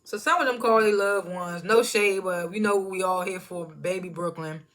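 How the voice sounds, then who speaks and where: A woman's voice: fairly low pitch, moderate pace, fairly bright tone. A woman giving a casual, rambling recap of a reality show, loose and slangy, often laughing at herself. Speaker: TV show reviewer. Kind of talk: casual chatty recap commentary.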